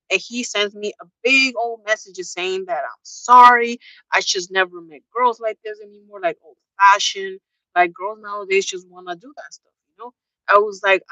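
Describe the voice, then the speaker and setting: A woman's voice: mid-range voice, sharp tone, no room sound, poor audio. A young woman vlogging a candid personal storytime, chatty and open, spelling out swear words. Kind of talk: casual storytime.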